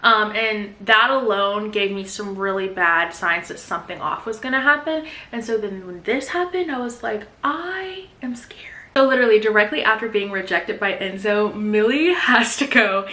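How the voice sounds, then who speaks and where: A woman recapping a thriller novel in a chatty, animated way, full of side comments. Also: medium pitch, moderate pace, hardly any pauses. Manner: animated storyteller, chatty asides. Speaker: book vlogger. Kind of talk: casual book recap. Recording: echoey room.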